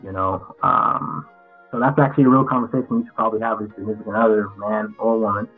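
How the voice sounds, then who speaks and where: A man's voice: lowish voice, steady tone, fast talker. A man, an actor as interview guest, answering frankly and reflectively, often restarting his sentences. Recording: tinny phone-like line with faint music.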